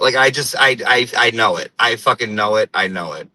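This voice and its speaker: A man's voice: mid-range voice, a little fast, few pauses, pushed and bright, a little hiss or hum, low-quality recording. A man hosting a show, talking in a casual, profane and rambling comedic monologue. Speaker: host.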